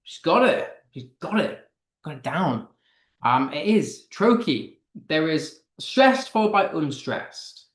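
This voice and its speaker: A man's voice: fairly high pitch, very animated, slow pace, a bit bright. British male teacher, encouraging, stresses verse, echoey room. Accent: British English. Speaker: English teacher. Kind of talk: live online lesson.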